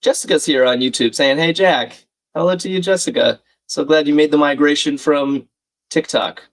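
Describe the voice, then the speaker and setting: His voice sits a little high and moves at a normal speed while he hosts a live crossword stream. He chats in a relaxed way, talks through his solving, and reads out comments from the audience.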